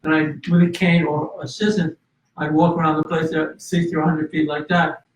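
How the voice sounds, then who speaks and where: A man's voice: on the high side, level tone, brisk, a little hiss or hum. A man telling a personal story in an interview, earnest, with restarts and fillers. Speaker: guest. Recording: roomy, distant and slightly dull.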